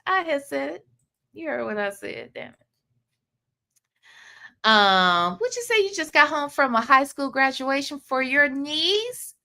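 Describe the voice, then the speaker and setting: A woman's voice: high-pitched, animated, unhurried, gravelly, pauses often, sharp tone. A woman hosting a casual livestream, chatting and greeting viewers by name. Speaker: livestream host.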